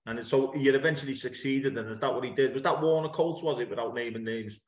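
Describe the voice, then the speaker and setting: A British man interviewing a guest in casual chat, opinionated and quick to agree. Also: medium pitch. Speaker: interviewer, host. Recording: echoey room.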